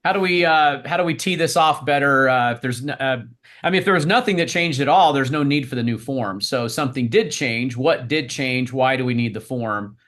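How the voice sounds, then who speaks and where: A man's voice: mid-range voice, a little fast, a bit bright. Guy running a team call, laid back, keeps saying stuff like step up to the plate. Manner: uses baseball phrases, loose and encouraging. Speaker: meeting host. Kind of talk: casual team meeting.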